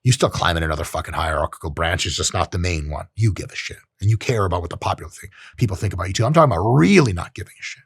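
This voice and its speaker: A man's voice: low voice, animated, very fast, few pauses, husky, no room sound, clean studio sound. A man hosting a podcast, giving a blunt, profane casual monologue and acting out short voices. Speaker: podcast host. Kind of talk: casual monologue on self-improvement.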